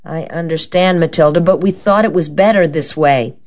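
A nervous middle-aged man hurries to smooth things over, as a woman reader voices him. His lines rise a little above her low reading voice. The sound is muffled and lo-fi. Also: normal speed, a little mellow, natural voice. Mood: placating. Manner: hasty, placating. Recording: dull lo-fi recording.

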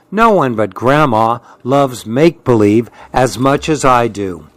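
Man, storybook reader, slow and calm, mid pitch, dry close sound. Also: no echo. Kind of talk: children's storybook read aloud.

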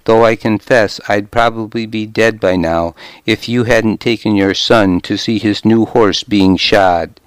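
A man's voice: fairly low pitch, fairly even intonation, a little slow, smooth, dry recording, lightly acted, poor audio. A man reading a wry, confident warrior lord. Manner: dry, wry delivery. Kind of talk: audiobook character reading.

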